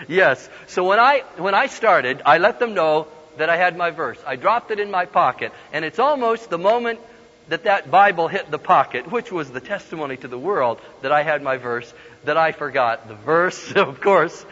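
A man giving a humorous storytelling sermon, animated and laughing often as he acts out the voices in his stories. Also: fairly high pitch. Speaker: guest preacher. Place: large hall with an audience. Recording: dull lo-fi sound with long hall reverb.

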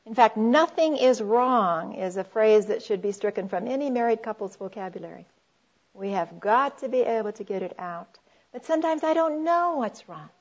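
A middle-aged woman giving a sermon-style talk on Christian marriage, earnest and warm, calling her audience friends and quoting scripture. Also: fairly high pitch, lively intonation, normal speed, highs cut off.

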